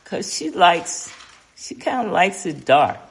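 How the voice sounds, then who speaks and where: An older woman leads a relaxed Bible study, speaking slowly with a lively, rising-and-falling voice. She is folksy and conversational and keeps asking her listeners questions. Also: fairly low pitch. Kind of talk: informal Bible study teaching.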